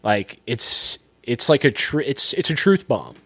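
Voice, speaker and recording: A man's voice: mid-range voice, very animated, a little slow, a bit bright, breathy edge, no room sound. A male podcast co-host chatting casually, laughing at himself and swearing freely. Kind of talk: casual chat.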